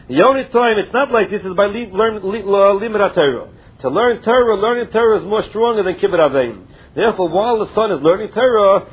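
A man's voice: high voice, husky. A man teaching a Talmud study lesson, reading Hebrew and Aramaic phrases and explaining each in plain English. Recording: tinny phone-like audio.

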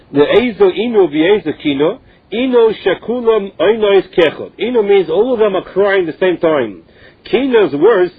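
A man with a high, husky voice teaches a Talmud lesson. He reads a phrase and then explains it in English. The sound comes through a thin, tinny phone line.

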